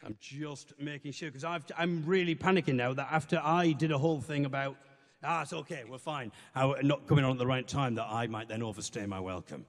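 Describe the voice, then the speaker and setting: A man's voice: medium pitch, brisk. A British man doing stand-up comedy with dry, self-deprecating asides, recorded live. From Britain. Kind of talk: comic song then stand-up. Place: university venue stage. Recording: live in a reverberant hall.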